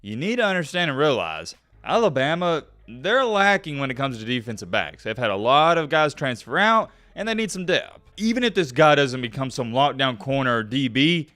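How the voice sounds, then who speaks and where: A young man hosting his own college football channel, talking straight to viewers in a hyped, animated way. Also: medium pitch, moderate pace, few pauses, no echo. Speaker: sports YouTuber host. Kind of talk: energetic college football commentary.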